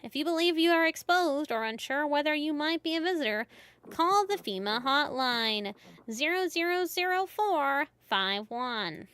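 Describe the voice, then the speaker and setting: A woman voicing a formal female TV news anchor in a video game, reading bulletins in a measured, official way. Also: high-pitched, lively intonation, fairly bright tone, no room sound, voice pushed up. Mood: grave. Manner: measured, official broadcast delivery.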